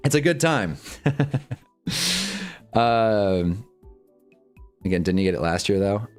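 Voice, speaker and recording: Excitable young man live-streaming. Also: slow pace, soft background music. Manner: excitable, swings between loud outbursts and low mumbling; profane, laughs often. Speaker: streamer reacting to awards show. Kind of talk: casual live-stream commentary.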